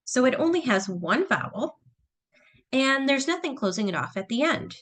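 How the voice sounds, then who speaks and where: A woman's voice: high-pitched, very animated, moderate pace, a bit bright. A woman teacher explaining phonics patiently, step by step. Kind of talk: phonics lesson narration.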